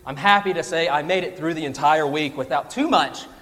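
A young man preaching a sermon, telling a humorous personal story in an animated storytelling manner. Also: a little high, fairly quick, in a large hall, slight background noise.

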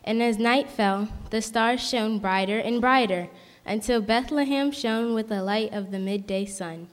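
A woman narrating a children's Christmas story in a clear, measured storytelling manner. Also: fairly high pitch. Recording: reverberant hall.

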